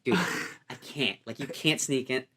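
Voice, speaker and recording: A young man co-hosting and editing a podcast, chatting casually with quick joking asides. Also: medium pitch, pushed and bright. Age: young adult. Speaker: podcast co-host and editor. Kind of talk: casual chat.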